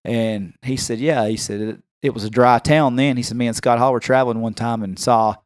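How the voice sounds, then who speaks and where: Fast-talking man with a Tennessee accent. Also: medium pitch, clean tone, no echo, clean studio sound. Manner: animated, acts out quoted voices. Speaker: podcast host. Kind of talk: casual storytelling chat.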